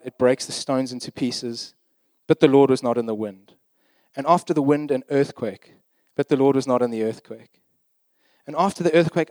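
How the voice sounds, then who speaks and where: A man's voice: mid-range voice, a little mellow, no echo. A man preaching a sermon in a conversational, emphatic way, often checking in with his listeners.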